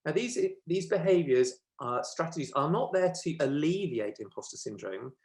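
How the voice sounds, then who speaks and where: A man's voice: a little high, lively intonation, normal speed. Chatty man presenting a workshop. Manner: chatty, checks in with listeners with "okay?"; self-correcting, with frequent ums.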